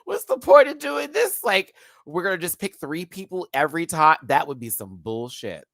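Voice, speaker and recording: A man's voice: fairly high pitch, sing-song, normal speed, creaky, fairly bright tone, dry recording, pitched above the performer's own voice, heavily acted. A man doing an impression of an outspoken drag queen complaining indignantly. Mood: exasperated.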